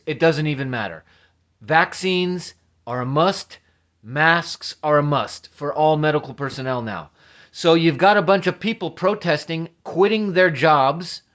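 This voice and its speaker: A man's voice: fairly high pitch, fairly bright tone. A man ranting as a vlogger, agitated and profane, often stammering and restarting his sentences. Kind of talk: ranting commentary.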